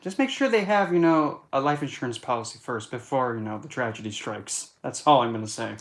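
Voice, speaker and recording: A man's voice: mid-range voice, lively intonation, fairly quick, a bit bright. A man talks loosely and bluntly in a casual monologue. He jokes darkly and keeps correcting himself as he goes. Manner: chatty and blunt, darkly joking, self-correcting. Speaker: occult and astrology vlogger.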